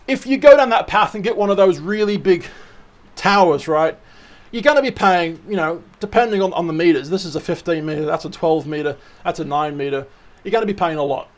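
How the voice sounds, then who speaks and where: An Australian man vlogging casually, chatty and showing things off, often tagging his sentences with "right?" and "okay?". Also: on the high side. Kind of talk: casual show-and-tell vlog.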